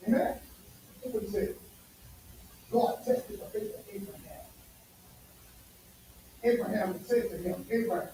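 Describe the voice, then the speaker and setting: A man preaching a sermon, talking emphatically with loud bursts and sudden drops to near quiet. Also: very high voice, fairly quick. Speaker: pastor. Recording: echoey room from far off, faint noise.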